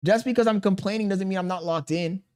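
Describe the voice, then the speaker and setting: A man's voice: high-pitched, fast, a little mellow. A man in his thirties, a streamer reading chat aloud and venting in an exasperated, defensive way with casual slang.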